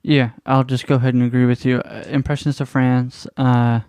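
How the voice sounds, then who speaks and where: A man's voice: mid-range voice, little pitch movement, normal speed, a little mellow, smooth, dry recording, clean studio sound. A man co-hosting a casual podcast, easygoing and agreeable, with the odd joke. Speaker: podcast co-host. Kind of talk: casual chat.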